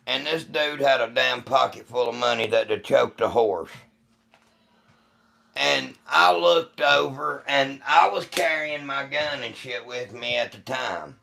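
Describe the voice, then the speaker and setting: A man's voice: mid-range voice, creaky, bright, forceful tone. A man hosting a livestream, telling a long story to his chat in a rambling, profane way. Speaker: livestream host. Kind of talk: casual storytelling to live chat.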